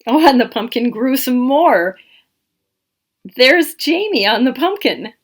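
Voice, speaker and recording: This storytime reader has a high-sitting voice and takes the picture book slowly, with long pauses. She reads animatedly to small children, asking questions, pointing out details, and counting along.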